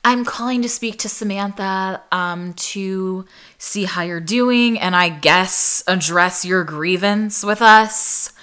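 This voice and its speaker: A woman imitating a curt, indifferent female hospital nurse supervisor who goes through the motions in a flat, perfunctory way. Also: medium pitch, slow pace, clear, resonant tone. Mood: dismissive.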